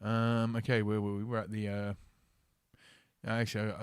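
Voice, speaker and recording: A man's voice: lowish voice, monotone, normal speed, pauses often, clear, resonant tone, no echo. Sarcastic, profane male stream host. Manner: sarcastic, profane, mumbling with many fillers. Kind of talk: casual ranting commentary stream.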